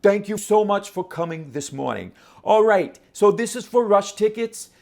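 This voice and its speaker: A man's voice: sits high, animated, moderate pace, vocal fry, voice pushed up. A man voicing a brash self-appointed line monitor who barks clipped orders and questions people in the queue. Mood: bossy. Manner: loud, clipped, commanding, questioning the crowd.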